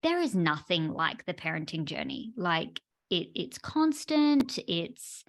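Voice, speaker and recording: A woman in her thirties co-hosting a podcast, talking casually and agreeing warmly, with many "like" fillers. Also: on the low side, very animated, slow, gravelly. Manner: chatty, warm agreement, frequent "like" fillers. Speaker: podcast co-host. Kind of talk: casual conversational chat.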